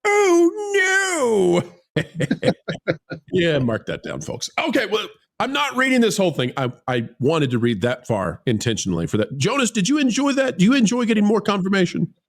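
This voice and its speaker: A man hosts a sarcastic entertainment commentary show, his voice sitting fairly high and swinging widely in pitch. He reads articles aloud and breaks off into mocking, theatrical asides. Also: big pitch swings, brisk, hardly any pauses. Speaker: host of entertainment commentary channel.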